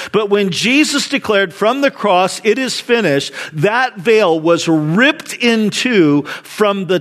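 A man's voice: high voice, fairly bright tone. A middle-aged man preaching a sermon to his church in an earnest, conversational way, often repeating words as he goes. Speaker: pastor.

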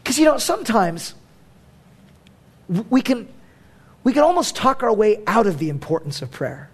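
A man's voice: high-pitched, big pitch swings, normal speed, husky. A man preaching a sermon as a pastor, conversational and emphatic, with casual fillers.

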